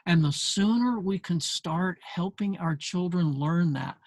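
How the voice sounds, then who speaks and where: A man's voice: high-pitched, unhurried, vocal fry, few pauses, no room sound. An older man hosting a parenting show, explaining a book in an earnest talk with many fillers. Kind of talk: casual talk to camera.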